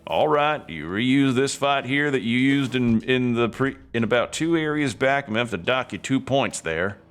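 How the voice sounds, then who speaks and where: A fussy, by-the-book male dungeon inspector, put on by a man, reviewing a dungeon like a game. He speaks in officious office-worker patter at an ordinary middle pitch. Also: animated, normal speed, clean tone, soft background music, lightly acted.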